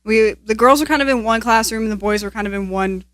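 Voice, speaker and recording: A young woman co-hosting a podcast, telling stories in casual chat, animated and laughing often. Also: a little high, fast talker, dry recording. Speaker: podcast co-host.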